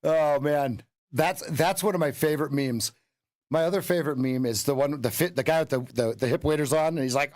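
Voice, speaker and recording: A man's voice: a little high, moderate pace. A man coaching a live day-trading stream, swearing and laughing at his own losses.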